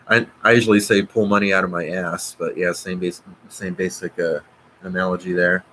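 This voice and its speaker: Profane, agitated low-voiced man streaming. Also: flat delivery, normal speed, pauses often, sharp tone, slight background noise, poor audio. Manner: profane, agitated, reads viewer comments aloud. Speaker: live stream host. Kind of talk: live stream chat reading. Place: at home.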